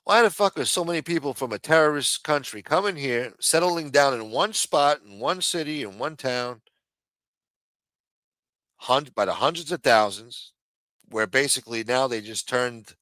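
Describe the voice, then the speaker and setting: A man's voice: medium pitch, normal speed, fairly bright tone, no echo. A man hosting a livestream, delivering a heated, profane rant with lots of repetition. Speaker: livestream host. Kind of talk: profane political rant on a stream.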